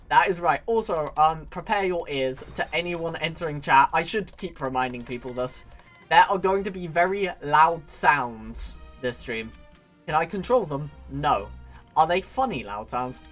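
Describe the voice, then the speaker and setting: A man talking through a strategy game on stream in a rambling, giggly way, with a voice pitched a little higher than most men. He often cuts himself off and restarts. Music plays faintly underneath. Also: animated, a little slow, a bit bright. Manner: rambling, self-interrupting, giggly. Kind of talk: casual gameplay commentary.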